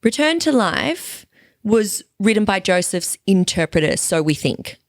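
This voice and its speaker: A woman's voice: medium pitch, big pitch swings, measured pace, no room sound, studio quality. A woman co-hosting a podcast in casual chat, with a chatty, laughing manner and some casual swearing. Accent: Australian. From Australia. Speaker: podcast co-host.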